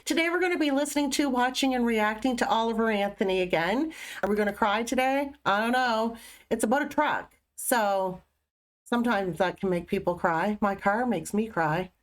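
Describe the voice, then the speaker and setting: A woman's voice: on the high side, normal speed. A young woman, chatting casually as she hosts a music reaction video, rambling a little and amused at her own asides.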